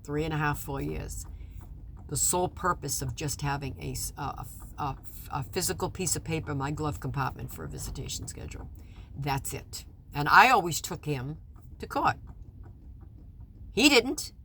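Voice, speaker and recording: A woman giving personal testimony about a custody hearing, halting and restarting often, rising to indignation and dropping to quiet apology. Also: low voice, animated, gravelly, a little hiss or hum. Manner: halting, with many restarts and stammered repeats; swings between loud indignation and quiet apology. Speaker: mother recounting a custody case.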